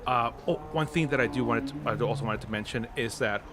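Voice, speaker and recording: Fast-talking at medium pitch, a man runs a casual game livestream, his chat rambling, full of restarts and fillers, and punctuated by easy laughs. Background noise and game music can be heard.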